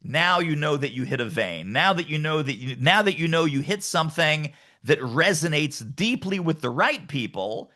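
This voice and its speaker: A middle-aged man speaks in an energetic podcast interview, emphatic and animated. His voice is bright and ringing, and his pitch swings widely. He sits a little above the usual male range. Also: normal speed, few pauses. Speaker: guest author and sales coach.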